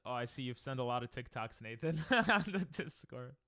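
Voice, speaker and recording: Excitable young man streaming a game. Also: medium pitch, moderate pace, no room sound, studio quality. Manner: excitable, joking, bursts of laughter and yelling. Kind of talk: casual gaming stream chat.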